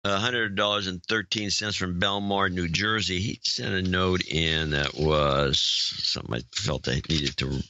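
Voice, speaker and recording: A man co-hosting a podcast, reading donor names and their notes in a plain, matter-of-fact way. His voice sits low but has a bright edge. It is recorded dry and close to the mic. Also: steady tone, measured pace, few pauses, dry recording, muffled recording. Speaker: podcast co-host. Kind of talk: casual chat, reading donor credits.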